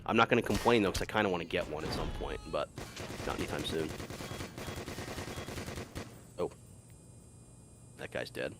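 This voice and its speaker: A man's voice: low-pitched, lively intonation, fast, noisy background. A man casually commenting while playing a video game, rambling, swearing freely and laughing often.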